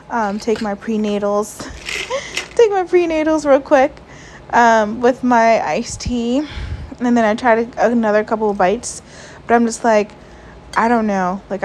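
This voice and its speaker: A stressed, emotional woman talking softly in a casual vlog voiceover, sighing often and filling her talk with "like.". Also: fairly high pitch, a little hiss or hum, rough recording. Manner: soft, sighing, frequent "like" fillers. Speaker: vlogger. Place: at home, lying down. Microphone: voiceover mic.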